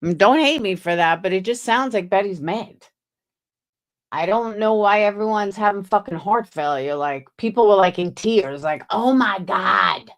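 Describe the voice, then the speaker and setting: A woman's voice: medium pitch, moderate pace. A woman hosting a casual livestream, chatting skeptically with viewers and reading messages aloud. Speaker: livestream host.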